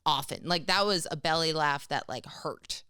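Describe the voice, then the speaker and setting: A woman from the United States co-hosting a casual comedy podcast, a lively storyteller who laughs often as she talks. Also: deep voice, moderate pace, smooth, dry recording, clean studio sound. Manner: laughs often while telling stories. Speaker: podcast co-host.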